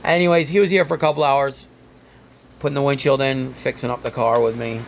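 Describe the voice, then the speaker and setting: A man's voice: mid-range voice, fairly even intonation, fairly quick, creaky, background noise. A man hosting his own car vlog, rambling and ranting casually with frequent swearing. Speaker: car vlogger.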